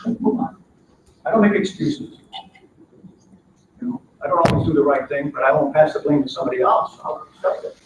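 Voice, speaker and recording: A man's voice: on the high side, a little fast, long pauses, highs cut off, noisy background. A man leading a live training seminar, talking animatedly and acting out workplace exchanges. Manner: animated, acts out workplace dialogues. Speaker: workshop trainer. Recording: echoey room, mic far off.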